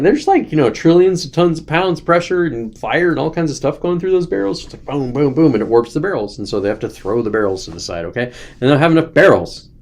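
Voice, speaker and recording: A man with a mid-range, slightly mellow voice hosts his own show, offering casual political commentary. His delivery is loose, ranting and sarcastic, and he keeps dropping into mocking quotes.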